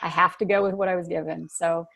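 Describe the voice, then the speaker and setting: A woman's voice: on the low side, fairly even intonation, quick pace, creaky, fairly bright tone. Upbeat woman hosting an interview. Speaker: host, business coach.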